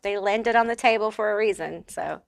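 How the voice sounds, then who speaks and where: A woman's voice: medium pitch, normal speed, vocal fry, no room sound. Chatty woman reading tarot cards. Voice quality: chatty, emphatic, many "like" and "um" fillers. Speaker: tarot reader. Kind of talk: casual pick-a-card tarot reading.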